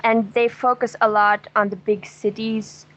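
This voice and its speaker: A woman's voice: a little high, little pitch movement, measured pace, a bit bright, highs cut off, slight background noise. Chatty German-accented woman. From Dresden, Germany. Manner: chatty, laughs often, tells jokes with gusto. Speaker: travel guest. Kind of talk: casual interview chat.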